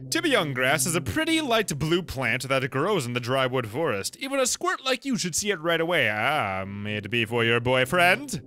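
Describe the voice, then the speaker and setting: A man's voice: medium pitch, big pitch swings, moderate pace, hardly any pauses, pushed and bright, no room sound. A man voicing a vain, huffy tooth fairy who scolds in a prissy way, reading video game dialogue aloud. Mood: fussy.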